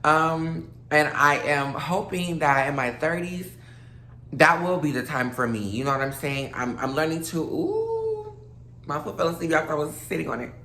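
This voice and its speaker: A woman in her late twenties talks loosely to her viewers, full of fillers and asides, slightly slurred from a drink. Her voice is bright and forward. The room is echoey, with a faint hum behind her. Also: sits low, normal speed. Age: late 20s. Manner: loose, rambling, many fillers, addresses viewers as y'all. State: a little tipsy, slightly slurred. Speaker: vlogger. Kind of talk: casual rambling monologue to camera.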